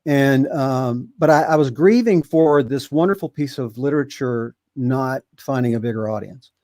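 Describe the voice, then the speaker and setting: A man in his seventies, a podcast guest telling a long story in a rambling, halting way with many fillers. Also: mid-range voice, darkish tone, dry recording. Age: 70s. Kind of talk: casual storytelling.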